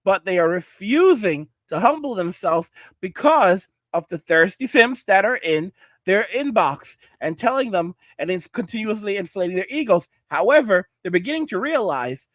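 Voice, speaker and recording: Give me an emphatic male commentator with a high voice, recorded dry. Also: sing-song, moderate pace, a bit bright, no echo. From New York. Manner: emphatic, repeats "all right?". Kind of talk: reaction commentary.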